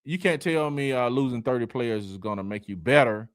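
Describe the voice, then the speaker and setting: A man hosts a casual sports livestream and reads viewer comments aloud. His delivery is lively, with a pitch that swings widely, and it is full of laughter and slang like y'all and man. The sound is dry and close to the mic. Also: brisk, dry recording. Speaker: live stream host reading comments.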